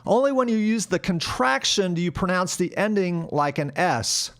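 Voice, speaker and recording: A man teaching English pronunciation in a frank, casual monologue, slowly repeating example words to show how they sound. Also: high-pitched, animated, a bit bright.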